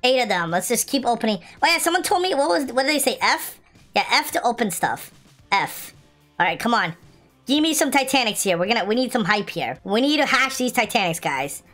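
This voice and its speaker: Over soft background music, a gaming video host in her young adult years pleads eagerly for good loot, complains, and then yells with joy. Her voice is on the high side and she speaks briskly.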